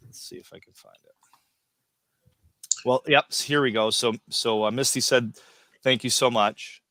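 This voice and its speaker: A man hosting a live-stream interview, relaxed and reading out viewer comments. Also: mid-range voice, moderate pace. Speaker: host.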